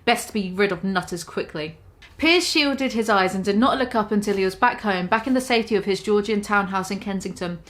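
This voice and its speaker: A woman's voice: medium pitch, brisk, fairly bright tone. Stumbling, self-mocking woman reading her story. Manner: stumbling, self-deprecating, laughs at her own writing. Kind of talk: casual reading of her own comic story.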